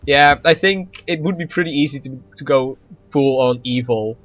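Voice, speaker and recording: A man's voice: medium pitch, normal speed, fairly bright tone, muffled recording. A man co-hosting a casual gaming chat, rambling with stammers, restarts and frequent laughs. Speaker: gaming podcast co-host.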